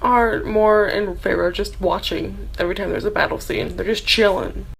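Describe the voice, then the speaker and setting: A woman's voice: medium pitch, fairly even intonation, normal speed, creaky, slightly rough, rough recording. A young woman vlogger reacting to a fantasy novel in a dramatic, sarcastic, gushing fangirl ramble. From Texas. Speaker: book vlogger.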